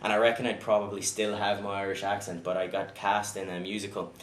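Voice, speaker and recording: A man's voice: on the low side, level tone, quick pace. A young Australian man, an actor being interviewed, answering casually and easygoingly with frequent ums. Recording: echoey room with faint noise.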